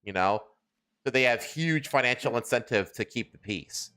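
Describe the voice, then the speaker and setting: A man's voice: mid-range voice, expressive, normal speed, bright, forceful tone. Crude, joking male podcast host. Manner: crude, joking, laughs often. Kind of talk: casual chat reading news.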